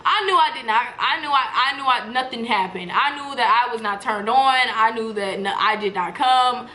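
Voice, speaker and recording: A young woman in her twenties tells a story straight to camera, candid, animated and full of profanity. Her voice sits a little high and sounds bright and sharp. The room around her is echoey. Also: moderate pace, slight background noise. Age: 20s. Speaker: vlogger. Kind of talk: casual storytime chat.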